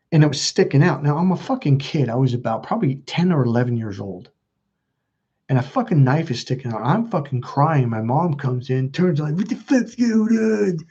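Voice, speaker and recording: A man's voice: dark tone, slightly rough, dull audio. A young man hosting his own channel, telling a painful personal story in a raw, profane and intense way. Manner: raw, profane and intense, voice climbing high when quoting others. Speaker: channel host.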